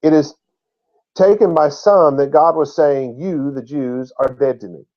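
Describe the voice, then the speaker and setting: A man's voice: on the high side, a little slow, lo-fi sound. A man teaching a Bible lesson in a sermon style, emphatic and drawing out key words, and he laughs at his own slips.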